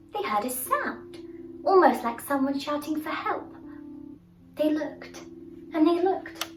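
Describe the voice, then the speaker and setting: A woman telling a children's storybook tale with a high voice and an expressive, sing-song delivery full of exclamations. She sounds set back from the mic in an echoing room, with faint music underneath. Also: far from the mic.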